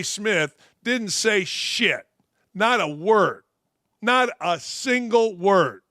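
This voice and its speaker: A man's voice: high voice, sharp tone, no echo, clean studio sound. A middle-aged man hosting a sports talk show, ranting in a blunt, combative, profane and sarcastic way. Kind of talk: opinionated sports commentary rant.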